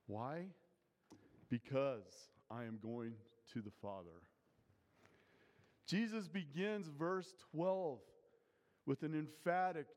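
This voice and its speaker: A pastor delivering a sermon in a slightly high voice, speaking with earnest emphasis. His words carry a long reverb, as in a church sanctuary. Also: expressive, takes it slowly, pauses often, a little mellow. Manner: earnest, emphatic preaching with rising intensity on key phrases.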